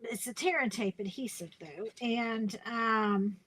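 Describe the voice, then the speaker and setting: Woman, tired, chatty and rambling, slightly high voice, webcam mic, faint background noise. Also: slow pace, a bit bright, low-quality recording. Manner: chatty, rambling, many fillers and restarts. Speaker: craft demonstrator hosting a live stream. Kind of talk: casual live-stream chat.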